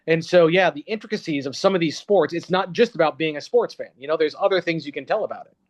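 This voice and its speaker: A man with a notably high voice speaks as a guest in a casual interview, circling his points with lots of "um" and "like". His twang comes through a dull, muffled recording. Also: fast. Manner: rambling, with many fillers and restarts. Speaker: guest reporter. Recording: dull, lo-fi sound.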